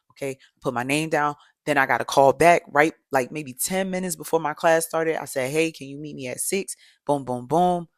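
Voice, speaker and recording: Middle-aged woman coach with a gravelly voice, chatty and animated, dry recording. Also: very deep voice, dry recording. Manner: animated, talks straight to viewers with repeated "y'all". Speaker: motivational coach and yoga teacher. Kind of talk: casual motivational storytelling to camera.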